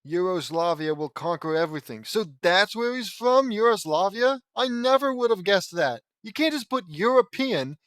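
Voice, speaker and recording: A man's voice: extremely high pitch, expressive, normal speed, hardly any pauses, a bit bright, no room sound, clean studio sound. A man reading fan fiction aloud as an audiobook at a home mic, often breaking off into rambling, exasperated asides.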